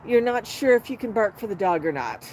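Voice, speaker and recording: A woman's voice: on the high side, a little mellow, low-quality recording. Sing-song woman cooing to her bird. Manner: sing-song baby talk to the bird, laughing often. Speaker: parrot owner and channel host. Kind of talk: casual vlog, talking to her pet bird. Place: outdoors on a patio by a street. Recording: outdoor recording with street noise. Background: outdoor street ambience with passing cars.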